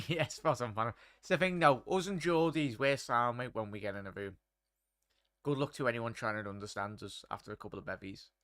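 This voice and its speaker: A man's voice: medium pitch, brisk, a bit bright, no room sound, clean studio sound. A young man hosting a live match watchalong, commentating casually and chatting to viewers. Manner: chatty, laddish, reads chat aloud. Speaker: watchalong host.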